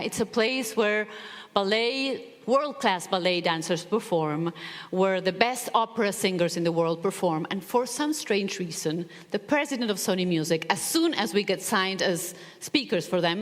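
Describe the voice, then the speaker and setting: A woman's voice: medium pitch, normal speed. A woman motivational speaker telling a personal story to an audience, acting out the voices in it. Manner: animated, acts out quoted voices. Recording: long hall reverb.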